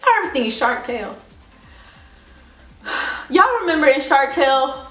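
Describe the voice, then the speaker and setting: A woman vlogger telling a story in a casual, animated way, laughing often. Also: fairly high pitch. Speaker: beauty vlogger. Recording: roomy echo, faint music.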